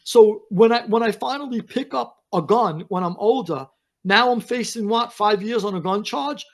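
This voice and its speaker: A man, talking as a podcast guest over a video call, animated and emphatic. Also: high-pitched, normal speed. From United States. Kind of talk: casual chat.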